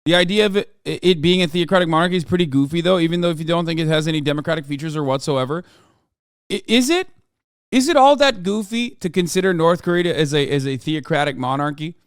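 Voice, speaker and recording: Profane ranting male streamer, high voice. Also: fast, clear, resonant tone, no room sound, clean studio sound. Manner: profane, ranting at chat, swings to yelling. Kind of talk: live stream reaction and chat rant.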